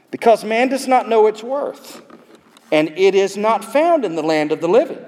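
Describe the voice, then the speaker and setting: Preacher guy, kinda high voice, chatty and rambly, big echoey hall. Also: darkish tone. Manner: conversational, digressive, with asides to the audience. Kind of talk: expository sermon. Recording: long reverb in a large hall.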